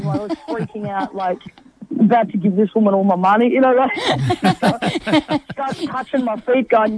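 A woman comedian chatting on a radio show, telling animated anecdotes and laughing often. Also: on the high side, moderate pace, a crowd in the background, poor audio. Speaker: comedian guest. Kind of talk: casual radio chat, storytelling.

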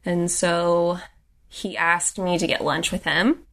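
A woman's voice: on the low side, flat delivery, slow, a bit bright. A young adult woman recounting a personal story in a casual way, with frequent "like" and restarts.

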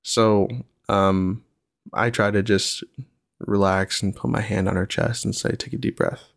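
A young adult man with a low, gravelly voice talks through a casual solo podcast. He is relaxed and reflective, with frequent ums and pauses, recorded close and dry. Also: no room sound. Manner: relaxed, reflective, many fillers. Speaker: podcast host, single father.

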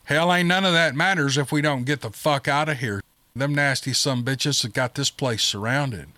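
Man doing a gruff country man. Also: medium pitch, moderate pace, pushed and bright, no echo, natural voice. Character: gruff rural Southern man, crude, outspoken.

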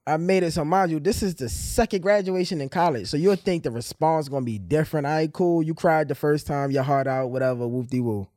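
A man's voice: on the high side, a little fast, few pauses, no echo, studio quality. A young man hosting a podcast, telling a story and acting out the people in it. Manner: animated storyteller, acts out dialogue. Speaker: podcast host. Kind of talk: casual storytelling chat.

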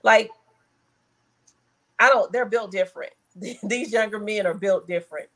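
A woman's voice: medium pitch, measured pace, fairly bright tone. A middle-aged woman in casual chat, opinionated and emphatic, laughing often.

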